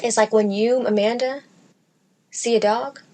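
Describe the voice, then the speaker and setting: A woman podcast host telling a comedic story in casual chat, profane and sassy, with animated delivery. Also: fairly high pitch, a little slow. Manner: profane, animated, sassy delivery with mocking baby-talk impressions.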